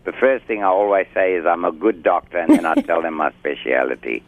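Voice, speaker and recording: South African man, low voice, tinny phone line, dry sound, formal and self-assured. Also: fairly quick, dry recording. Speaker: guest doctor. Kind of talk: radio interview.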